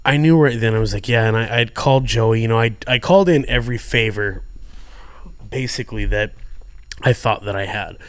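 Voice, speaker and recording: A man's voice: on the low side, a little fast, clear, resonant tone, no room sound. A man, a comedian guest, telling stories in casual podcast chat and swearing freely. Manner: animated storyteller who swears freely.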